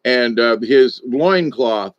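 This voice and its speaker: An older man and former stage director telling rambling, animated stories in a casual monologue, often trailing off and restarting. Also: mid-range voice, slow pace, dry recording. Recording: dull, dry lo-fi audio.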